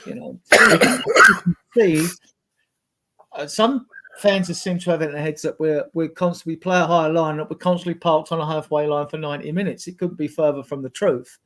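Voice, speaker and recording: A man with a somewhat high voice talks football in a casual podcast chat. He is blunt and animated, backing up his points with a run of examples. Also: brisk. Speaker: football fan pundit.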